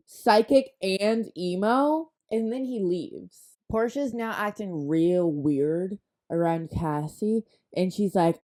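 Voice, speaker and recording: A woman's voice: fairly low pitch, moderate pace, hardly any pauses, dark tone. A woman recapping a book in a comedic, sarcastic, chatty way, full of exaggerated asides.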